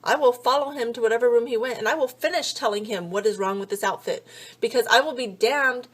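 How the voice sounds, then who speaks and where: A woman in her thirties with a slightly high voice talks straight to her camera. She tells stories in a chatty, sarcastic way and swears freely. She acts out both sides of every exchange. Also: fast talker, a bit bright, breathy edge. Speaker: vlogger. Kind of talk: casual comedic storytelling.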